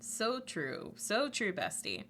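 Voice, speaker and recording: A woman's voice: huge pitch swings, takes it slowly, a bit bright, a little hiss or hum. A woman livestreamer in casual chat, talkative, laughing often and swearing freely. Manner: chatty, swears, laughs often, quotes memes in a squeaky voice.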